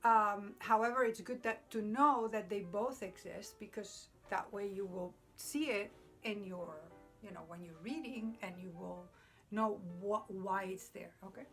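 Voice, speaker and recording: In a classroom with a noisy whiteboard, a woman patiently explains Spanish grammar in English, giving Spanish examples and often checking in with "okay?" Her medium-pitched voice is a bit bright and a little slow, with soft music in the background.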